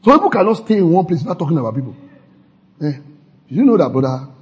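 A male pastor preaching a sermon in a warm, breathy voice. His pitch leaps and falls in wide, lively swings, and he repeats his points for emphasis. The recording sounds dull and lo-fi. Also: fast talker, a little hiss or hum. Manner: acts out quoted gossip and repeats lines for emphasis.

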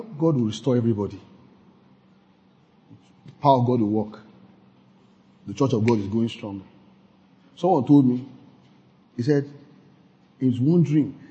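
A male pastor preaching a sermon in a warm, breathy voice. His pitch leaps and falls in wide, lively swings, and he repeats his points for emphasis. The recording sounds dull and lo-fi. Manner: acts out quoted gossip and repeats lines for emphasis.

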